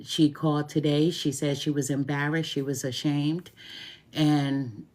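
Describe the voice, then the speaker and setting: Low-pitched woman, middle-aged, casual tarot vlog, heartfelt, repeats herself. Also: level tone, measured pace, darkish tone. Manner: chatty, repeats phrases for emphasis; heartfelt, openly grateful. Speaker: tarot reader and root worker. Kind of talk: casual talk to camera.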